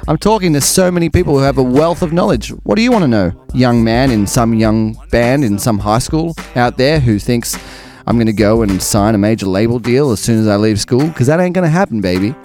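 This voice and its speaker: A man with a mid-range, slightly mellow voice hosts a podcast, rambling casually with jokes, asides and plenty of ums. Faint music plays behind him and stops near the end.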